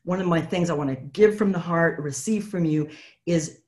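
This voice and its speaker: A woman's voice: lowish voice, normal speed, darkish tone. A woman, apparently from Canada, coaching a live online session in a chatty, encouraging way and reading out replies from the chat. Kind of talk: live webinar teaching.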